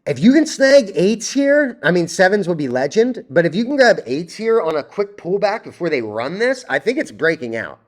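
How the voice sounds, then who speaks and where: Hardly pausing, a young man with a high voice and big pitch swings talks at normal speed through stock charts on his own video. His commentary is a blunt, sweary rant full of restarts.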